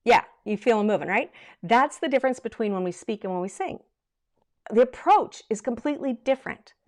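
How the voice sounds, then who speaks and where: A middle-aged woman giving a livestream vocal lesson, lively and chatty, breaking into short sung demonstrations. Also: on the high side, a little fast. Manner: lively, demonstrates by singing snippets. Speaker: vocal coach.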